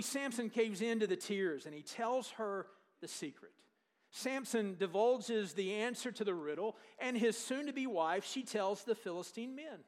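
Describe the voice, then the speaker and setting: A man preaching a sermon, retelling a scripture story with jokes and questions to the congregation. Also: high voice.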